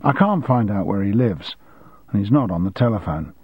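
A man voicing an efficient young woman assistant who reports facts briskly and precisely. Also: lowish voice, lively intonation, slightly rough, no room sound, narrow, tinny audio. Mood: matter-of-fact.

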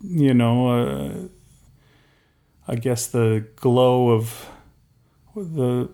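A middle-aged man talks casually on a podcast, drifting from point to point. He is animated, laughs often and briefly mimics people he quotes. His pitch sits in an ordinary middle range. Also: very slow, creaky. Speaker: podcast co-host. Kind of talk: casual chat.

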